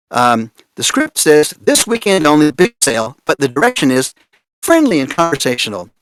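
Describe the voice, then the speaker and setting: Panelist, male, lively pitch, slightly raised, dry close sound, laughs a lot. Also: dry recording. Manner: animated, amused, laughs often. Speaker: panelist on voice acting. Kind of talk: conference panel talk.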